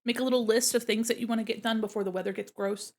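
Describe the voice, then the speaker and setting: A giggly young woman chats casually on a home stream and often talks with her mouth full. Her voice sits a little high. The mic is set back from her face, so she sounds a bit distant. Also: steady tone, fast. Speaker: art streamer. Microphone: mic set away from her face.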